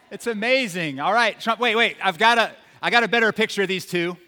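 Male pastor, sermon delivery, casual humor mixed with emphatic points, a bit higher voice. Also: fairly quick, hardly any pauses, pushed and bright, a faint crowd. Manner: conversational, joking, emphatic. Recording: long hall reverb.

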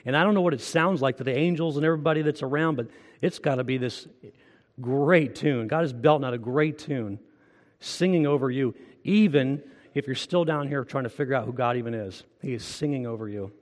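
A man's voice: medium pitch, fairly quick, long reverb tail. A man preaching a sermon as pastor, earnest and conversational, asking the congregation direct questions. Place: church.

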